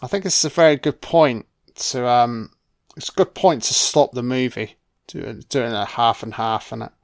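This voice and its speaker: A man's voice: mid-range voice, normal speed. A man giving a casual, jokey, sweary film commentary. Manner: laid-back, sweary, jokey.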